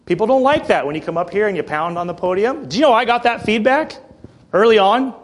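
A man preaching a sermon in a church, passionate, with joking asides and frequent throat clearing. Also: high voice, animated, fast.

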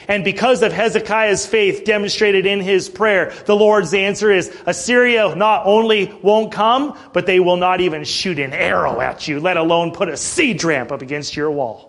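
A man preaching a sermon, reading scripture aloud and asking the congregation rhetorical questions, his voice rising and growing louder when he stirs them up. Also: a little slow. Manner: rhetorical questions, swells louder and higher when stirring the crowd.

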